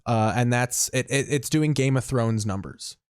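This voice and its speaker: A man's voice: medium pitch, normal speed, clear, resonant tone, dry recording, studio quality. A man in casual chat, walking a co-host through a TV show's plot and swearing freely. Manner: explains a TV show plot at length, swears casually. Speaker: podcast co-host.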